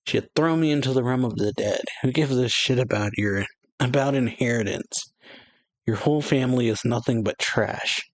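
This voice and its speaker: A man reading a rough brash young giant. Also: medium pitch, normal speed, no room sound, close to an everyday voice.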